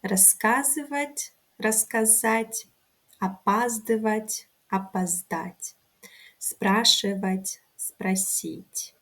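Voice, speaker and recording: A woman teaching an online grammar lesson, speaking carefully and pronouncing each example word deliberately. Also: mid-range voice, a bit bright. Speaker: language teacher.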